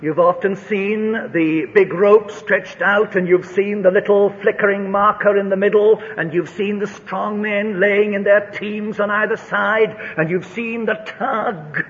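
A man preaches with a high, bright voice and a slow, deliberate pace. His delivery is dramatic and climbs to ringing high notes when he tells a story. The recording is dull and lo-fi, with a long echo from a large hall. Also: steady tone. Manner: dramatic, rising to high shouts in a told story. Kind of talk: sermon.

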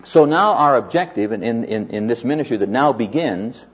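A man preaching a sermon to a live audience, telling stories in a folksy way and slowing down to stress key phrases. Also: mid-range voice, expressive, husky. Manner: folksy storytelling with emphatic slowed phrases. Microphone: mic on stand or lapel. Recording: dull lo-fi recording.

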